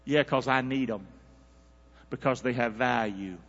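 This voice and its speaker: A man's voice: medium pitch, a little slow, a bit bright. A male pastor preaching a sermon in a folksy, conversational way, calling out to his church for responses. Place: church sanctuary. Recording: dull audio in a reverberant hall.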